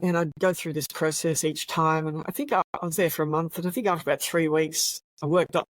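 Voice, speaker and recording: A woman's voice: deep voice, flat delivery, fast talker, no echo, poor audio. An older woman with an Australian accent, a retired police officer telling anecdotes as a guest, chatty and laughing often.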